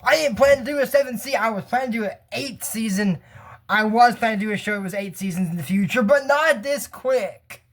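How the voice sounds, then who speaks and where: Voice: mid-range voice, brisk. A YouTuber from the United States reviewing a cartoon episode in casual, rambling commentary that drifts off on tangents and chuckles often.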